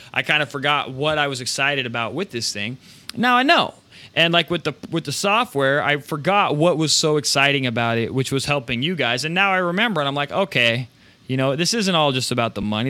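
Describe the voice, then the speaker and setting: A man hosting a live show, giving casual, energetic motivational talk about running a print business, with rambling restarts and some swearing. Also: medium pitch.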